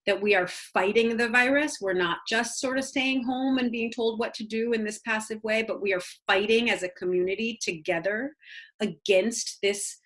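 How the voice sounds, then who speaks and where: A woman's voice: a little high, moderate pace, a bit bright. A woman child psychologist giving practical parenting advice in a conversational talk, with earnest storytelling full of "um"s and "you know"s. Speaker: child psychologist guest speaker.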